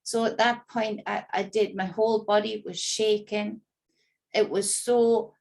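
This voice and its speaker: Gravelly-voiced woman, agitated and indignant, swearing vlog monologue. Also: mid-range voice, darkish tone. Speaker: spiritual reader recounting an ordeal. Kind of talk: emotional personal monologue.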